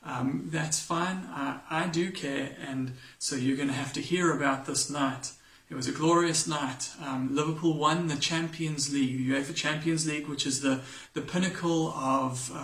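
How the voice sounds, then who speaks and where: A man from England reading scripture and then preaching a sermon, telling a story in a relaxed way with self-deprecating humor. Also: fairly high pitch. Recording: echoey room, mic at a distance.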